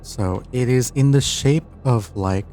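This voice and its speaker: A man's voice: medium pitch, dark tone, a little hiss or hum. A man narrating as game master of an online tabletop game, stumbling and restarting as he describes things. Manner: halting, restarts while describing, self-deprecating.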